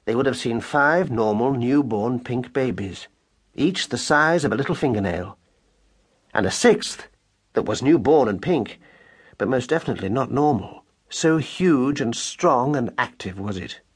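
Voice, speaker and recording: A man reads a children's story aloud, measured and expressive. His voice sits in a middle register with a husky, slightly breathy edge. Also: medium pitch. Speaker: audiobook narrator. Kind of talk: scripted narration.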